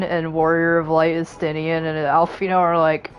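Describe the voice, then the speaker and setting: A woman's voice: fairly low pitch, little pitch movement, normal speed, few pauses, a little hiss or hum. A woman streaming a game, reading the characters' lines aloud and joking about them, laughing often. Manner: jokey, laughs often, puts on voices. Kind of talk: reading game dialogue aloud with casual commentary.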